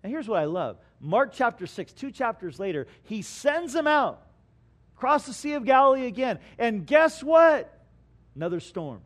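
A man preaching a sermon as pastor, asking his congregation questions and swinging from hushed lines to loud bursts. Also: extremely high pitch, big pitch swings, normal speed. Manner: preaching with dramatic swings between quiet and loud; asks the congregation rhetorical questions.

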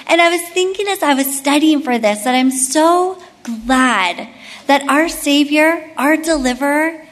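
A woman's voice: sits high, big-room sound. A woman leading a Bible study, mixing chatty personal stories into devotional teaching, with many fillers. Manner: chatty, storytelling, frequent "like".

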